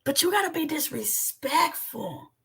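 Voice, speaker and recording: A woman co-hosting a livestream panel, talking in a loud, confrontational way with big pitch swings. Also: expressive, unhurried, vocal fry. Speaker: co-host. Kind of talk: heated livestream commentary.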